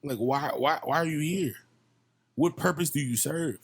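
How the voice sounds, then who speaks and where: A man's voice: a little high, normal speed, breathy edge. A young man from Virginia, a musician guest on a podcast, talking in a passionate, profane casual chat and often repeating himself.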